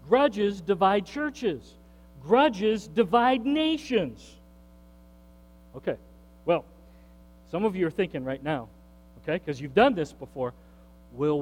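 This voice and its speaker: A male pastor preaching a sermon in a lively, animated way, acting out what people say and putting questions to the congregation. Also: high voice, long reverb tail. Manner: animated, acts out quoted voices, asks the congregation questions.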